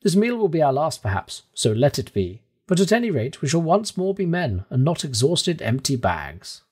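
A man's voice: a little high, big pitch swings, moderate pace, a little mellow, slightly rough, voice pushed up. A man voicing a stern, determined older male professor in an audiobook reading, with a firm, lecturing manner. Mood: firm, resolute. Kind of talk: audiobook character voice.

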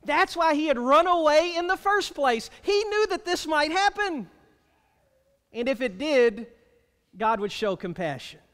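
A man with a very high, highly animated voice delivers a sermon as a pastor. He is emphatic and drags out key phrases slowly for weight. His words ring out with a long reverb from a church sanctuary.

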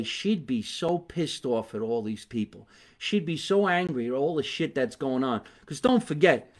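A middle-aged man with a New Jersey accent, rambling bluntly and swearing freely in a casual live-stream monologue from his basement. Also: fairly high pitch. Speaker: comedian host. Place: home basement.

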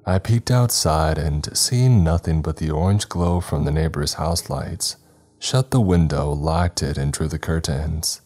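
Deep slow male horror narrator. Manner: calm, measured storytelling. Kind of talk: scripted first-person narration. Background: faint background music.

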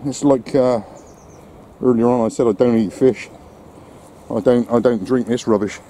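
Speaking at normal speed in a warm, steady, mid-range voice, a man casually vlogs to his camera while walking his dog on a windy coastline. He's plain-spoken, talks to the dog, and gets winded on the climb. The recording has outdoor wind noise on the mic.

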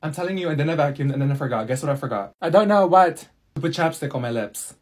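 A man voicing a sleepy teenage schoolgirl who rambles on in a low, mumbling drone in a comedy sketch. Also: expressive, fast talker, a little mellow, husky. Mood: droning.

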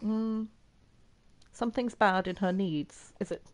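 Lively giggly woman gamer. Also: a little high, normal speed. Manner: chatty, giggly, reacts out loud to the game. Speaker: gaming streamer. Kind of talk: casual gameplay commentary.

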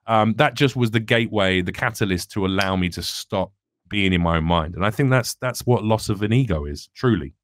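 A fairly low-voiced young man speaks candidly and earnestly, thinking aloud with restarts. His voice is dry and close, with no room sound around it. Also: brisk, fairly bright tone, no echo. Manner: earnest, reflective, rambling with restarts. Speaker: comedian guest. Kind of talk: candid podcast conversation.

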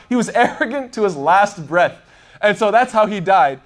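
Male lecturer, casual storytelling lesson, high voice, quick and digressive. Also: animated. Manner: digressive, thinks aloud with many fillers. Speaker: Islamic lecturer. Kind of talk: casual explanatory talk.

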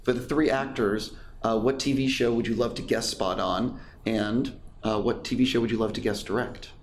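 Brisk man interviewer. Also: mid-range voice, steady tone, a little hiss or hum. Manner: brisk, friendly questioning. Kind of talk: press junket interview.

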